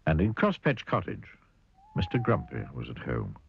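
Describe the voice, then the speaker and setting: A man narrating a children's cartoon story, playful and expressive, asking the listener questions. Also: sits low, normal speed, creaky, muffled recording, a little hiss or hum.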